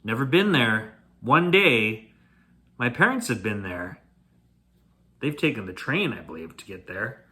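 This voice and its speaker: A man's voice: medium pitch, very animated, a little slow, long pauses, sharp tone. A Canadian man hosting a bedtime story reading, chatty with playful asides. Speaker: storyteller host.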